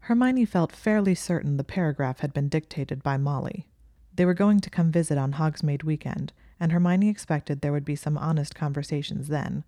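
Low calm woman reading fanfic aloud, mellow and dry sounding. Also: no room sound. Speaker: narrator. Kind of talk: fan fiction reading.

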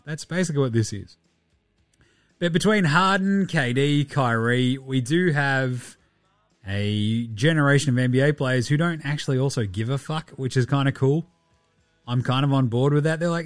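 An Australian-accented podcast host talks sports casually at normal speed in a mid-range voice, blunt and sweary. He often mocks others using put-on quotes. The recording is dry and studio quality, with faint music behind.

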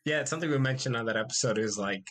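A man's voice: mid-range voice, very fast. A young man co-hosting a podcast, chatting casually and rambling with lots of fillers. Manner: relaxed, rambling with frequent fillers and laughs. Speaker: podcast co-host. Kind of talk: casual chat.

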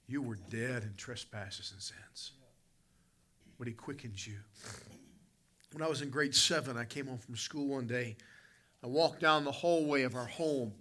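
A man's voice: mid-range voice, a bit bright. A man, preaching a sermon and telling a folksy personal story, calling out to people in the congregation. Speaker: pastor.

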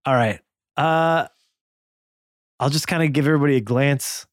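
A man's voice: mid-range voice, moderate pace, dry recording, studio quality. A man playing a tabletop role-playing game, describing his character's actions and laughing often. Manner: lively storyteller, laughs often. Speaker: player. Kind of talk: tabletop role-play banter.

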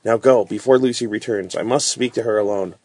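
A man's voice: on the low side, fairly quick, darkish tone, breathy edge, no echo. A man reading aloud as an older, protective doctor and father who speaks earnestly.

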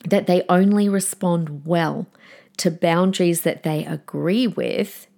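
Earnest woman giving parenting advice. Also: on the low side. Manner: warm, earnest, gives numbered tips and acts out calm firm lines to children. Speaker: parenting podcast host. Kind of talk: solo podcast advice talk.

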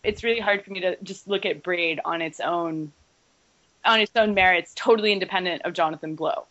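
Animated woman games writer, lo-fi audio. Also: lowish voice, a little fast. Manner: animated, frequent restarts and "like". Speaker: podcast panelist, games writer. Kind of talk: casual roundtable discussion. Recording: dull lo-fi podcast audio.

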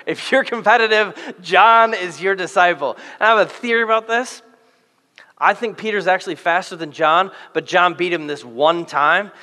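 Animated high-voiced man preaching in a reverberant hall. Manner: animated, playful, acts out quick voices for biblical characters. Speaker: pastor. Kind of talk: sermon.

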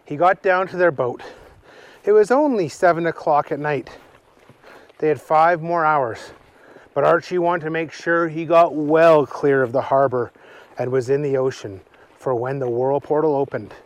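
A man telling an improvised children's story slowly while outdoors on a hike. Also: fairly high pitch. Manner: slow, unhurried storytelling.

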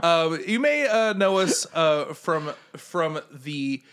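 A man's voice: fairly high pitch, expressive, slow pace, a bit bright, smooth. A man co-hosting a podcast in goofy, casual chat, giggling often and slipping into mock-grandiose boasts. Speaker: podcast co-host.

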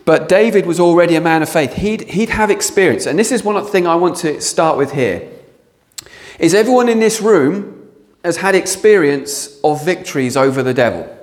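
High-voiced man preaching. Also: lively intonation, moderate pace. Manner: conversational, joking with the room. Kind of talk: sermon.

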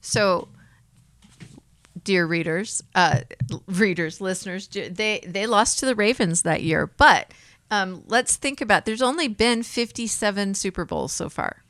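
A woman's voice: medium pitch, unhurried, a bit bright, no room sound. A woman co-hosting a podcast in casual chat, mostly answering with short affirmations and now and then adding facts. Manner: responsive listener, brief affirmations, adds facts. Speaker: podcast co-host.

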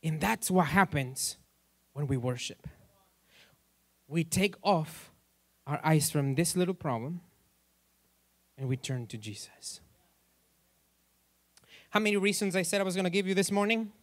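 A man's voice: on the high side, lively intonation, a little slow, pauses often, no echo. A male pastor preaching in a church in a loose, joking way, asking the congregation questions as he goes. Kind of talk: sermon.

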